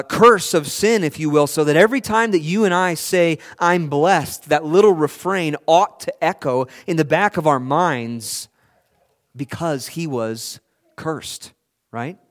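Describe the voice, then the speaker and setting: A man preaching a sermon in an earnest, pleading way, his voice swelling loud and dropping soft, with frequent restarts. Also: on the high side, normal speed.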